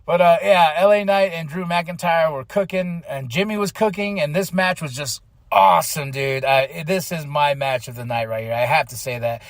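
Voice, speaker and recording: Male podcast host, high voice, dry close sound; loose, excitable recap delivery with quick put-on voices. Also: dry recording. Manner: excitable, acts out wrestlers' lines in quick voices, many fillers. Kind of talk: casual chat.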